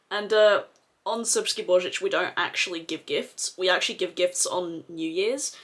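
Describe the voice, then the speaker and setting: A woman chatting casually while doing her makeup, swearing freely and filling her talk with "like". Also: medium pitch. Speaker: makeup vlogger.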